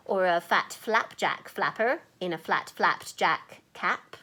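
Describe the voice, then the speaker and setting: A woman's voice: medium pitch, takes it slowly, bright, forceful tone. A woman reading a children's picture book aloud, playful and chatty, with asides between the verses and sometimes dropping to a whisper.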